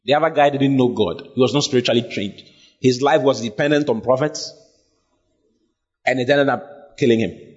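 A man's voice: mid-range voice, moderate pace, long pauses, slightly rough. A man preaching a sermon, emphatic and full of questions to his congregation. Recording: dull lo-fi sound.

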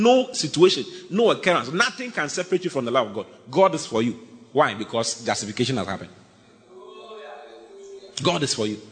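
A man preaching a sermon, swinging from low murmurs up to high shouted lines and reading scripture aloud. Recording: long hall reverb.

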